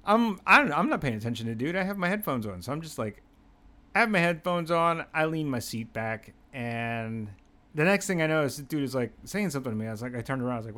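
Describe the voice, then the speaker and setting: A young adult man from Pennsylvania hosting a podcast, telling a story in a rambling, animated, self-mocking way and swearing freely. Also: on the high side, fast. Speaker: podcast host. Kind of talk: casual storytelling monologue.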